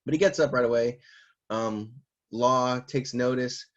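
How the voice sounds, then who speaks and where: A man co-hosting a casual chat, animated, laughing often and swearing casually. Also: mid-range voice, a little slow, lo-fi sound. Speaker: co-host.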